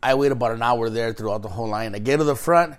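A man's voice: mid-range voice, fast. A man casually telling a long story in a chat, swearing freely and acting out both sides of quoted exchanges. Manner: profane, animated, acts out quoted exchanges.

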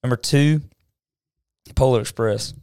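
A man's voice: mid-range voice, darkish tone, dry recording, studio quality. Easygoing man in casual podcast chat. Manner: easygoing, unhurried, a little hesitant. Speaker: podcast co-host.

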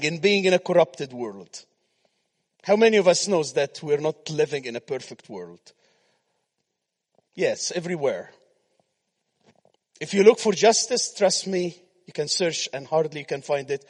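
Male preacher, high and measured, dramatic loud-soft delivery, reverberant church hall. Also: big pitch swings. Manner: dramatic swings between loud declarations and soft near-whispers. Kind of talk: sermon.

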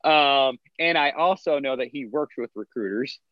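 A man co-hosting a podcast in casual chat, rambling with lots of fillers and quick chuckles. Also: mid-range voice, dry recording, dull audio. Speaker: podcast co-host.

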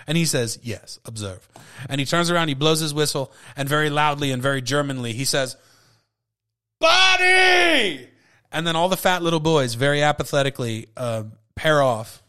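A man's voice: fairly high pitch, fast talker, hardly any pauses, a bit bright, clear, resonant tone. Tipsy, rambling profane podcast host man. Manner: loose, profane, self-interrupting. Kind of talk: rambling solo podcast chat.

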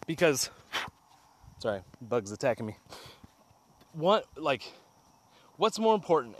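Man talking on a walk, breathing hard. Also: fairly high pitch. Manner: energetic, talks to listeners as guys. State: slightly out of breath from walking. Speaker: podcast host. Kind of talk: casual motivational talk. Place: outdoors on a walk.

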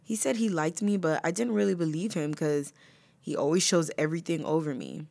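A woman's voice: sits low, expressive, brisk, vocal fry, darkish tone. A young woman vlogger telling a personal story in casual chat, laughing often and saying "like" a lot.

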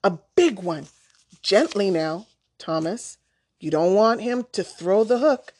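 Steady elderly grandfather, measured and unhurried, read by a woman in a storybook. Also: mid-range voice, breathy edge. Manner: measured, unhurried, gently instructive.

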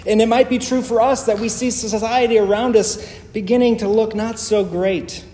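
A man with a high, mellow voice delivers a sermon with earnest emphasis and measured pauses. The sound is roomy and echoey, like a church hall, with a faint hum of ambience behind him. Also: fairly even intonation. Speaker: pastor.

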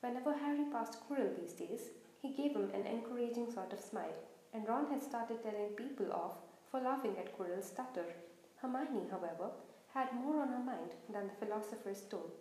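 Woman audiobook reader, higher voice, steady expressive telling, roomy echo. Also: moderate pace, slight background noise. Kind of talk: reading a novel aloud.

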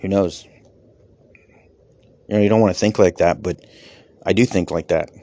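A comedian and podcaster who is a father speaks in a low, dark voice with fairly even intonation and a moderate pace, recorded dry. His talk is a casual personal reflection, rambling and candid, with some offhand swearing.

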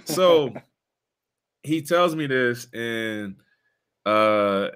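A young man hosting a relaxed conversation, telling his story with lots of slang and an easy back-and-forth rhythm. His voice sits at an ordinary middle pitch and jumps up high when he gets excited. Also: extremely slow, clear, resonant tone. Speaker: podcast host, former player. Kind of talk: casual storytelling chat.

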